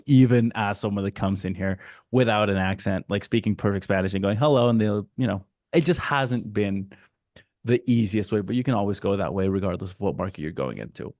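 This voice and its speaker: A man from Mexico giving a casual, animated webinar presentation over a video call, slipping into quick voices for customers. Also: fairly low pitch, no echo, clean studio sound. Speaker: guest speaker.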